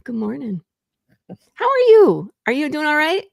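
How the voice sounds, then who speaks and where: A woman from Michigan hosting a casual talk show, chatty and quick to jump between topics. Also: high voice, very animated, gravelly, no room sound, studio quality. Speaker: podcast host. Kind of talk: casual chat.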